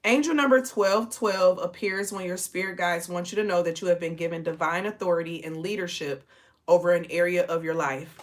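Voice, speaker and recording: A woman's voice: on the low side, fairly quick. Sleepy, chatty, laughing spiritual woman. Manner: chatty, profane, laughs a lot, calls listeners y'all. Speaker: spiritual channel host. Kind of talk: casual late-night channeled message.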